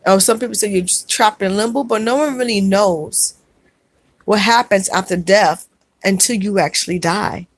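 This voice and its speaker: A woman hosting a livestream, reading viewers' comments aloud and answering them in a soft, halting way with many fillers. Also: medium pitch. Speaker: livestream host.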